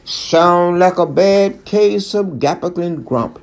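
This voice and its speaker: A storybook reader voicing a kind young boy explaining patiently, slightly higher than the narration. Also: takes it slowly.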